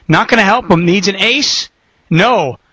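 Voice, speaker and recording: A man's voice: high-pitched, a little slow, bright, forceful tone, husky, no echo. An American man co-commentating on poker, joking and self-deprecating in his banter.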